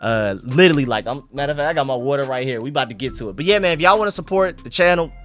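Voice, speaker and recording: Fast-talking man with sore throat. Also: mid-range voice, animated, a bit bright, soft background music. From Atlanta, USA. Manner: emphatic, opinionated, repeats catchphrases. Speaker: sports channel host. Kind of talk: fan game review commentary.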